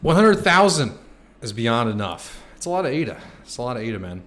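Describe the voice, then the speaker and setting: With a medium pitch and a very animated, brisk delivery, a man in his twenties streams casually. He responds to chat questions, cracking jokes, swearing openly and at times shouting.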